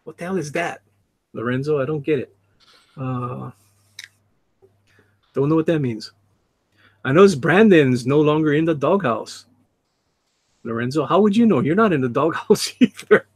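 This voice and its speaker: A man's voice: fairly high pitch, no room sound. A man hosting a casual livestream, reading chat comments aloud with joking asides and frequent laughs. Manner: chatty, laughs often, reads chat aloud with jokey asides. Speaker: livestream host. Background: dog jumping on him.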